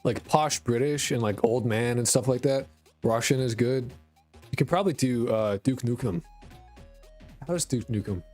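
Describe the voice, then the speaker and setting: Rambling profane streamer with a New York-Boston lilt. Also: male voice, medium pitch, moderate pace, a little mellow, soft background music. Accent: mixed New York, Boston and Connecticut. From rural Connecticut, US. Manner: rambling, profane, self-deprecating. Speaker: game dev streamer. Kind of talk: casual live-stream chat.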